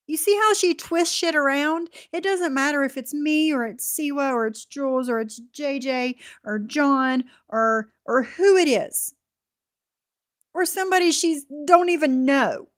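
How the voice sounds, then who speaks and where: Woman streamer, indignant commentator, slightly high voice, reads chat aloud. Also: expressive, unhurried, a bit bright. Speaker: livestream host. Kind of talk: commentary livestream reacting to clips.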